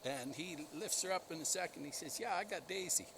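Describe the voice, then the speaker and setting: A man's voice: on the high side, fairly quick, background noise. Rambling man telling a dog story. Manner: rambling, enthusiastic, laughs at himself. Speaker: dog breeder. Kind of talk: casual storytelling vlog.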